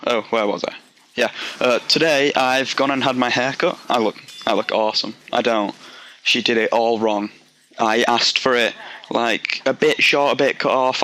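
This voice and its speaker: Rambling young Yorkshire man, bright voice. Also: medium pitch. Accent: Yorkshire English. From Yorkshire, England. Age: young adult. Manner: rambling, self-deprecating, goes off on tangents. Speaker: gaming commentator. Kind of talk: casual game commentary.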